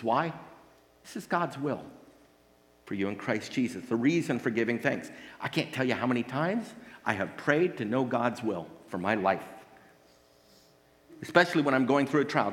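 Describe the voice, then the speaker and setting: A man's voice: mid-range voice, expressive, moderate pace. A man preaching a sermon as pastor, earnest and emphatic, asking the congregation rhetorical questions. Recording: long hall reverb.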